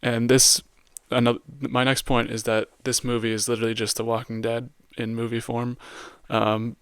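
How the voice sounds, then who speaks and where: Flat-voiced casual male movie reviewer. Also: mid-range voice, moderate pace, smooth, no room sound, clean studio sound. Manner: casual, heavy use of "like" and slang. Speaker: podcast host reviewing a film.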